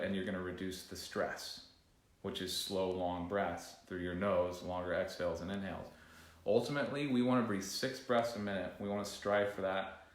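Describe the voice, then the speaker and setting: A man leading a casual breathing class, rambling, restarting sentences and joking aside to a co-host. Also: lowish voice. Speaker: breathing coach. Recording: echoey room.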